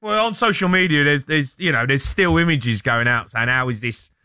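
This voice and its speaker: A man hosting a radio phone-in, matey and quick to cut in. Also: fairly high pitch, pushed and bright, clean tone, no echo, clean studio sound. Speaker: radio host. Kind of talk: phone-in chat.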